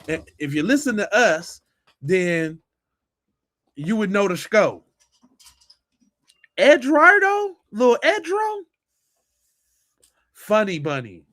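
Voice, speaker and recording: A man with a fairly high voice hosts a casual podcast. He is animated and sarcastic, repeating phrases for emphasis. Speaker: podcast host.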